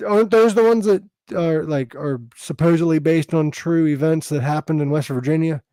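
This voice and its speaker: Crude joking podcast host, dry sound. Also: male voice, fairly high pitch, warm tone, dry recording. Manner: crude, joking, quick to laugh. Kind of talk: casual podcast chat.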